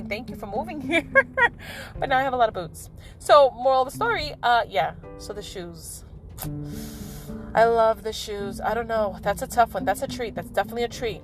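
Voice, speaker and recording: Chatty self-mocking woman vlogger, higher voice. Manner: chatty, laughs at herself, lively asides. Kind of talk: casual chat to camera.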